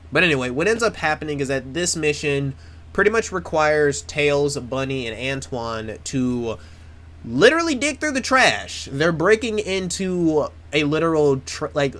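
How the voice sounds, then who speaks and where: A man's voice: mid-range voice, fairly bright tone. A man in casual chat, rambling with plenty of restarts, swearing freely and mocking himself. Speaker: video creator.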